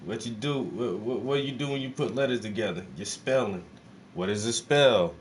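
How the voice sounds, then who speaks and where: A man streaming live while he paints, chatting casually to his viewers in a blunt, animated way, swearing freely and firing off rhetorical questions. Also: medium pitch, moderate pace, a little hiss or hum.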